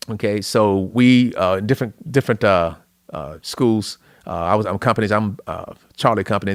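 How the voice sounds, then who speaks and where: A middle-aged man from Louisiana, a podcast guest, telling an emotional personal story in an earnest, animated way. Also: mid-range voice, no room sound, studio quality. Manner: earnest, tearful at moments, animated retelling.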